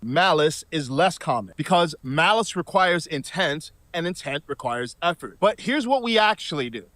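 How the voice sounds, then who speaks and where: A man delivering scripted video commentary in a measured, argumentative, reasoned way. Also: a little high, lively intonation, sharp tone, no echo.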